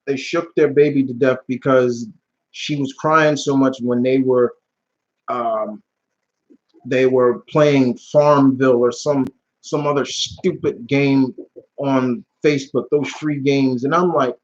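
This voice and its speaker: A man's voice: mid-range voice, fairly even intonation, slow pace. A young man hosting a live Q&A stream in casual talk, blunt and heated, swearing often and restarting his sentences. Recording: dull lo-fi stream audio.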